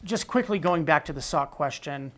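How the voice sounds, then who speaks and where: A man's voice: a little high, moderate pace. Man reading chat questions aloud. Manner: relaxed, reads chat aloud. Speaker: livestream moderator.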